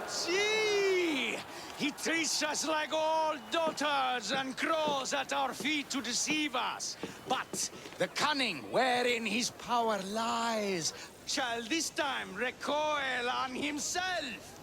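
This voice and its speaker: An actor playing an old male chorus member in a stage play, declaiming and shouting in a gravelly voice. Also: extremely high pitch, expressive, slow pace, noisy background, exaggerated voice.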